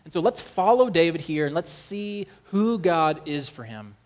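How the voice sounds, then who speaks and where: A man preaching a sermon, slow and emphatic, calling to the congregation for amens. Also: on the high side, big pitch swings, lo-fi sound. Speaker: pastor.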